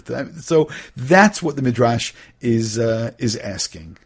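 Gravelly man teaching a text class. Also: medium pitch, slow pace, few pauses. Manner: animated, acts out little dialogues, many restarts. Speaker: Torah teacher.

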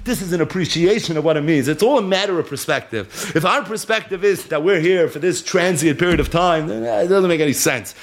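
A man with a high voice teaches a Torah lesson. His pitch swings up and down as he tells the story. He reads a verse, translates it, and then acts out the quotes with sudden exclamations. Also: animated, a little fast, few pauses.

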